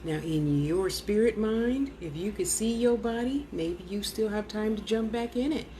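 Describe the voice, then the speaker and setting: A woman's voice: mid-range voice, normal speed, warm tone, a little hiss or hum. A woman talking casually to an unseen spirit, coaxing and soothing it, with blunt, cursing asides. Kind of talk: casual one-sided spirit talk.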